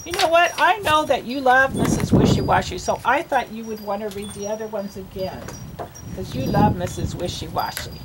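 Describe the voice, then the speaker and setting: A woman's voice: a little high, very noisy. A woman reading teacher giving a patient one-on-one reading lesson, sounding out words and coaxing a child along.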